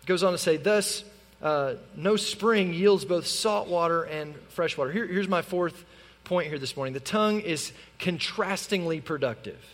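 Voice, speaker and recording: A male pastor preaching an animated sermon in a church, acting out the lines he quotes. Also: a little high, moderate pace. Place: church sanctuary. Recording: long reverb of a large hall.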